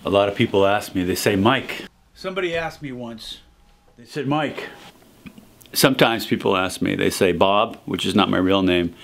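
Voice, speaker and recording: A man delivering a rambling, deadpan absurd comedy monologue that swings between mumbles and shouts. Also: lowish voice, moderate pace, vocal fry.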